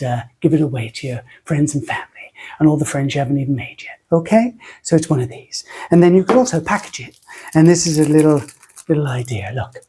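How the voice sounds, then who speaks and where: A British soap-making tutorial host speaks in a warm, slightly rough mid-range voice. The chat is casual and rambling, self-mocking, and delivered in a put-on funny voice.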